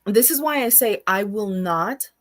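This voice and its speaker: A woman's voice: medium pitch, animated, a little slow. A woman in her forties talking openly and emotionally in a casual podcast chat, often restarting and repeating words. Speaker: co-host.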